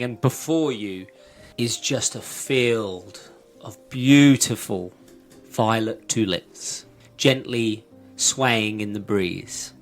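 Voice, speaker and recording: A man's voice: fairly low pitch, soft background music. Man narrating as game master. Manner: descriptive, unhurried narration.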